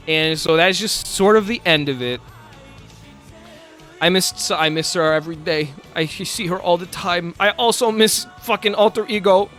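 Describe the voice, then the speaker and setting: A man's voice: on the high side, pushed and bright. A man streaming live, chatting casually, laughing often and swearing as he rambles.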